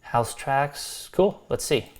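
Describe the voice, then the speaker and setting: A man's voice: medium pitch, lively intonation, slow pace, darkish tone. An American man reviewing subscribers' music, talking loosely with restarts and friendly advice. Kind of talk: casual spoken critique.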